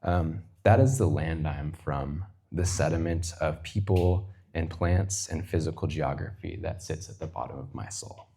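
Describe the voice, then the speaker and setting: Young man, very low voice, mellow tone, unhurried poetic reading, soft trailing phrases. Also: vocal fry. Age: 20s. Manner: unhurried, poetic, lingering on lists, dropping to near-whispers. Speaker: guest speaker. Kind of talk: reflective personal reading.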